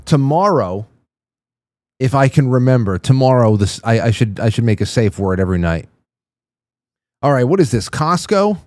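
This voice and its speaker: A male host comments on viral clips in a wry, amused way, his voice rising and falling with plenty of life. His pitch sits in a middle range. He is recorded dry and close. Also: big pitch swings, normal speed, long pauses, a little mellow, no echo. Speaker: show host. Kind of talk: casual commentary on video clips.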